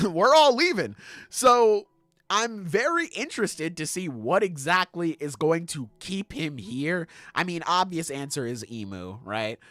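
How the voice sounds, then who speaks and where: Animated young man recapping with gusto. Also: on the high side, a little slow, no room sound. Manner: animated, swearing, laughing, acting out scenes. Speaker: podcast host. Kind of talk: casual chat.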